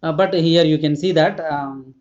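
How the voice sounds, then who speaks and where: A man's voice: on the high side, moderate pace, darkish tone. A male school teacher, giving a grammar lesson in a hesitant way, full of "uh" fillers and repeated word lists. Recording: dull lo-fi recording.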